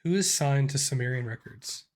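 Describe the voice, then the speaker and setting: A man's voice: medium pitch, normal speed. A man in his thirties with a sick voice, hosting a casual music reaction and thinking aloud with many restarts. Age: 30s.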